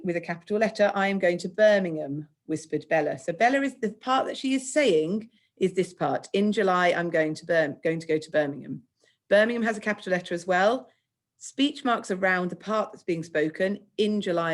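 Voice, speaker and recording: A woman with an English accent teaching children in a recorded remote lesson, speaking clearly, patiently and encouragingly. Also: lowish voice. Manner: clear, patient, encouraging, acts out example speech lines. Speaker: primary school teacher.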